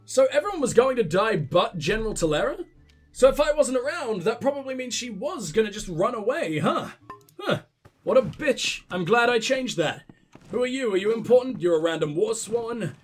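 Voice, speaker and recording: A man's voice: extremely high pitch, very animated, normal speed, soft background music. A young man with sniffles, commentating his gameplay in a profane, rambling, joking way. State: sick with sniffles. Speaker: let's play host.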